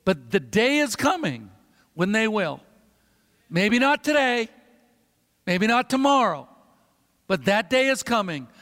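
High-voiced preacher in an echoing hall. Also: male voice, a bit bright. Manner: emphatic, repeats phrases for effect. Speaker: pastor. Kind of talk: sermon.

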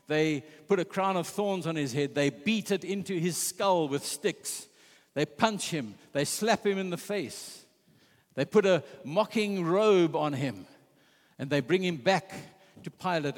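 Inside a large hall, a man with a slightly high voice delivers a passionate sermon. He retells scripture, voicing the quoted figures himself.

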